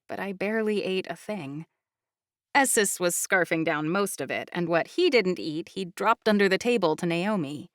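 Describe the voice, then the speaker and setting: Brief: female audiobook narrator, steady first-person storytelling, middle pitch, dry close sound. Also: no echo.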